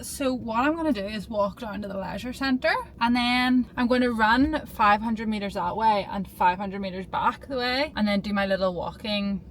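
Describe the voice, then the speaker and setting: A woman's voice: mid-range voice, slight background noise. A young woman chatting casually to her camera in a vlog, talkative and nervous, filming herself outdoors and in her car. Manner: chatty, self-doubting, nervous. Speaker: vlogger.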